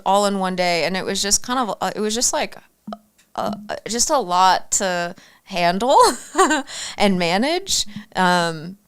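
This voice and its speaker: A woman's voice: lowish voice, creaky, clean tone. A young woman from Arizona, a guest on a talk show, chatting casually with lots of fillers and restarts. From Arizona, USA. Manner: halting, many fillers and restarts. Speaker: guest actor. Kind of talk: casual interview chat.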